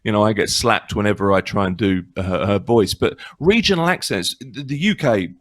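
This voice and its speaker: Lively male host, dry sound. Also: lowish voice, normal speed, dry recording. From United Kingdom. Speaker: show host. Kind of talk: online interview chat.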